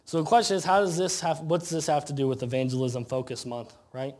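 Man, pastor, church sermon, slightly high voice, rhetorical questions, slow scripture reading. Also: level tone, darkish tone. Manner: conversational preaching with rhetorical questions, reads scripture slowly. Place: church sanctuary.

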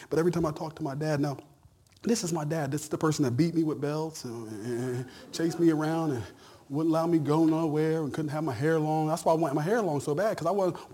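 A middle-aged male pastor with a husky voice that sits a little high. His folksy sermon starts conversational, with stammered repeats, and swells to loud shouting peaks. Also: brisk.

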